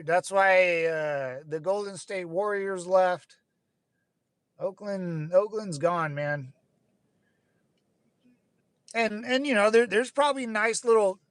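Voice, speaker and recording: In this casual rant, the channel's host, a young Californian man, rambles along with frequent restarts, fillers, and curse words. His voice sits high, and the clip has no echo.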